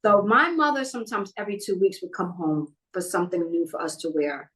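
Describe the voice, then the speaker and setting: A woman's voice: mid-range voice, big pitch swings, a little fast, fairly bright tone, low-quality recording. A middle-aged woman from New York telling a personal story in a podcast interview, acting out what other people said. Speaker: guest.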